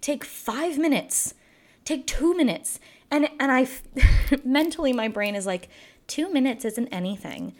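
A woman co-hosting a casual book chat, talking in an animated, emphatic way. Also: sits high. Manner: animated, emphatic, quick laughs.

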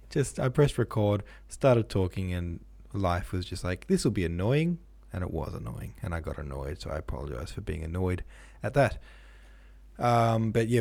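Man, dark dry podcast voice. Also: sits low, vocal fry, no echo. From Australia. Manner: chatty, self-deprecating, muses aloud. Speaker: podcast host. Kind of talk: casual solo podcast with poetry reading.

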